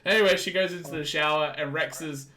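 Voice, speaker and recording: A young man hosting a casual chat, recapping a show with stumbles and quick acted-out quotes. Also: on the high side, fairly even intonation, bright, forceful tone. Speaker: podcast host.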